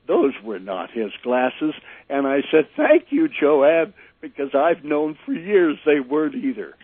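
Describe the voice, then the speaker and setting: An older man, a former disc jockey, telling animated stories in an interview, acting out the people he quotes. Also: mid-range voice, slightly rough, no room sound. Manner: animated anecdote teller, acts out quotes. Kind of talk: storytelling interview. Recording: tinny phone-line sound.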